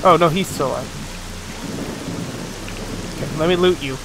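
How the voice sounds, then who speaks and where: A man talking over his gameplay in a loose, joking way, with frequent swearing and quick reactions. His voice sits a bit higher than most men's. Steady rain and rolling thunder from the game run clearly behind him. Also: noisy background. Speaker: let's play gamer. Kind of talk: casual gameplay commentary.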